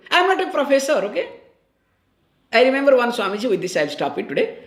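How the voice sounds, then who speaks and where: A woman's animated scripture discourse comes in a high, light voice, set in a roomy space with noticeable echo. Speaking conversationally, she checks that her audience is following, and she corrects herself and repeats key phrases.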